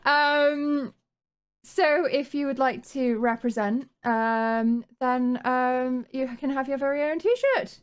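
A woman closing out her live stream in a relaxed, halting way, full of ums and small restarts. Her voice sits high and comes across smooth and clear. She talks slowly. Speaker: stream host. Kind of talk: casual stream sign-off.

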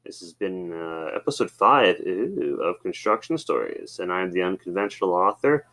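A man's voice: low-pitched, lively intonation, moderate pace, sharp tone. A man hosting a podcast, telling loose, rambling stories with swearing and many fillers. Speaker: podcast host. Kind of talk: casual storytelling monologue.

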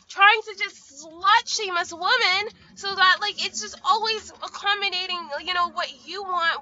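Young woman vlogger, profane venting rant, sharp bright tone, muffled recording. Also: very high-pitched, moderate pace, slight background noise. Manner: profane, ranting, frequent "like". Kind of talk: casual venting monologue.

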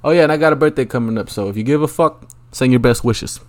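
A man's voice: medium pitch, quick pace, darkish tone. A man hosting a solo podcast, rambling through a profane, crude rant with lots of ums and asides. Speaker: podcast host.

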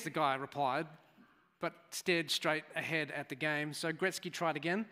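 In a church hall with noticeable reverb, a man preaches a chatty, storytelling sermon with asides to the congregation. His voice is fairly high and bright, forceful in tone, with fairly even intonation at a normal speed.

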